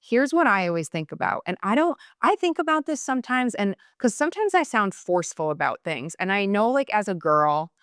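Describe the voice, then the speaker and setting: A young woman hosts a podcast, chatting casually and passionately at a fast clip, full of fillers. Her medium-pitched voice is very animated and fairly bright, and the studio sound is clean with no echo.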